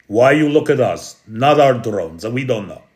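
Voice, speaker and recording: A man's voice: mid-range voice, animated, unhurried, a little mellow, lightly acted. A man voicing a sarcastic male denier who talks in broken phrases and brushes everything off. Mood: mocking. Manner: sarcastic, dismissive.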